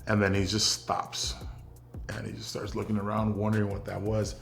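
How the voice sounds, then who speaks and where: A young man from South Texas, an interview guest and military veteran, telling casual stories in a relaxed, rambling way with many fillers. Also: fairly low pitch, moderate pace, creaky, soft background music.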